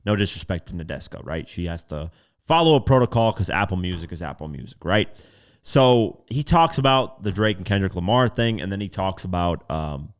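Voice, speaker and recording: Deep-voiced exasperated podcast host. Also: male voice, normal speed, smooth. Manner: animated, exasperated, casual swearing. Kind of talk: casual commentary podcast.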